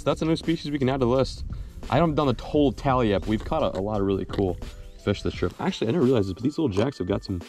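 A young man vlogging from a fishing boat outdoors, excited and slangy, laughing often as he talks. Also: mid-range voice. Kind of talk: excited outdoor vlog chat. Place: boat on open water outdoors.

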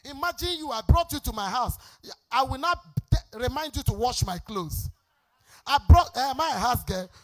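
A woman's voice: sits high, animated, normal speed, soft background music. A middle-aged Nigerian woman preaches at a church service. Her sermon rises and falls in a sing-song cadence. She turns emphatic and scolding as she drives each point home. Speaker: pastor.

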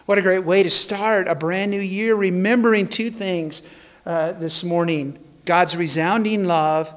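A male pastor preaching a sermon in a church sanctuary, telling a story dramatically and building to loud calls. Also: high voice.

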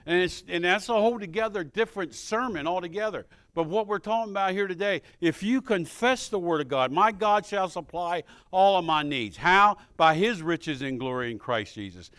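A man's voice: on the high side, animated, moderate pace, fairly bright tone. A man preaching a sermon as pastor, quoting scripture and building to fervent, emphatic peaks.

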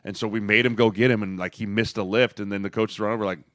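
A man's voice: on the low side, fast talker, no room sound, clean studio sound. A man co-hosting a football podcast, a former lineman turned agent, telling stories in casual chat and acting out the voices he quotes. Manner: animated storyteller, acts out quoted voices.

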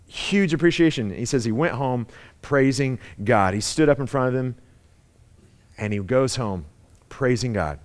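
A man preaching a sermon, telling the story with animated asides and acting out its people. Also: mid-range voice, moderate pace. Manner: conversational, frequent "right?" asides. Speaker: pastor.

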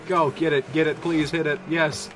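A man streaming live gameplay commentary, excitable and sarcastic, breaking into laughter and yelps. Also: fairly high pitch, measured pace, a little hiss or hum. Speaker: gaming streamer.

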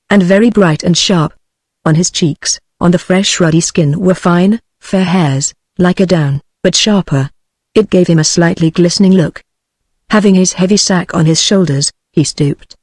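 A text-to-speech voice of a woman with a British English accent, reading a novel aloud in an even, measured way. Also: fairly low pitch, dry recording, clean studio sound. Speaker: audiobook narrator.

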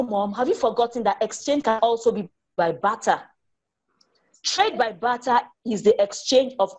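A woman author reading her story aloud to children, animated and stopping to ask them questions. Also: medium pitch, rough recording.

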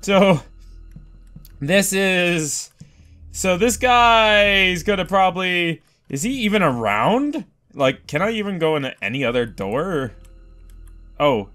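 Excitable high-voiced man gaming. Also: measured pace. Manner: excitable, swears a lot, yelps when startled. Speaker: gamer. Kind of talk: let's play commentary.

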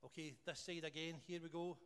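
A man's voice: on the high side, a little fast, clear, resonant tone. A man with a Scottish accent leading a church service, praying and then running a playful quiz for the congregation. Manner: playful, jokey, animated with the room. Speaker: church leader. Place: church hall. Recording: long church-hall reverb, faint noise.

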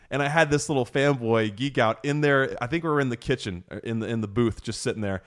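A man's voice: mid-range voice, fast talker, few pauses. A young man hosting a podcast, who tells a story in a casual chat and acts out the quotes with animation. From United States. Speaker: podcast host.

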